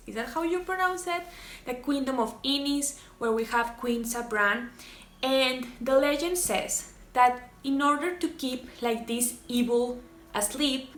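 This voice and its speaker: Chatty young woman, bright voice, echoey room. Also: fairly high pitch. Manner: chatty, playful, rambling with many "like" fillers. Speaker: book vlogger. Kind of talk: casual vlog chat. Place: bedroom at home. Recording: echoey room with soft music behind.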